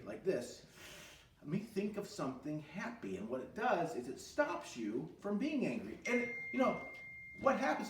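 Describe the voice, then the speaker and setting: Animated man teaching, echoey room. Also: sits high, far from the mic, slight background noise. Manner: animated, asks questions and answers them himself, breaks into short sung lines. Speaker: music therapy teacher. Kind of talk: recorded e-learning lesson for children.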